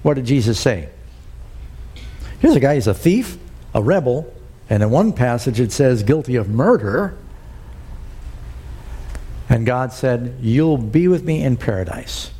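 A man's voice: medium pitch, expressive, a little slow, long pauses, mellow, breathy edge. A man preaching a sermon to a church congregation, quoting scripture and asking the crowd "Amen?". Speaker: pastor.

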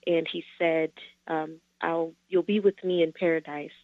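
A woman calling in to a radio program, asking a question hesitantly with many pauses. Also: low voice, flat delivery, no echo. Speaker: caller. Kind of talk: call-in question. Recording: tinny phone line.

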